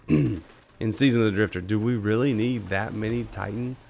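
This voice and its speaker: A man's voice: fairly low pitch, moderate pace, creaky, darkish tone, a little hiss or hum. A man with a cold, coughing now and then while casually commenting on his live gameplay and chatting to teammates and viewers. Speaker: gaming streamer.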